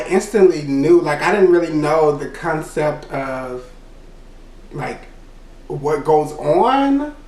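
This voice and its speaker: Young man, candid rambling storyteller, echoey room, faint background hiss. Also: fairly high pitch. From Louisiana, USA. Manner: candid, rambling, fills with "you know". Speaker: vlogger. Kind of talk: personal storytime. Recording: roomy echo, mic set far off.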